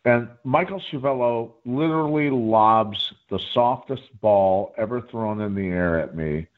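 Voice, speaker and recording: A man guest telling a rambling story in a profane, animated way during a casual chat. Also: fairly low pitch, a little slow. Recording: phone-like line.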